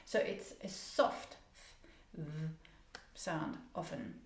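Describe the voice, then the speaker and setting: A woman's voice: low-pitched, lively intonation, vocal fry. Encouraging woman coaching pronunciation, echoey room. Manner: demonstrates sounds slowly and repeats words; encouraging, speaks directly to viewers. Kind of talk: casual teaching to camera.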